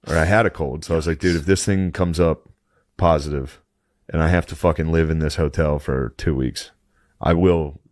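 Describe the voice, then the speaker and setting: A man's voice: deep voice, dry recording, clean studio sound. A man co-hosting a podcast, telling a rambling, crude story with mock outrage and frequent swearing. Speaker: podcast co-host. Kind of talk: casual profane storytelling.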